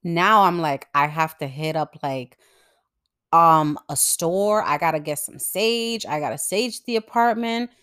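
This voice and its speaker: A young woman podcast host telling a story in an animated, profane, casual way. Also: deep voice, unhurried, smooth. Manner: animated and profane, with expressive swings in loudness.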